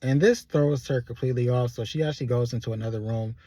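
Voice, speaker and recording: A man with a husky, mid-pitched voice talks through a TV episode recap in a relaxed, chatty way. He slips into the characters' lines as he retells each scene. The sound is dry and close, with no room around it. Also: quick pace, no echo. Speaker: TV show reviewer. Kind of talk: casual recap commentary.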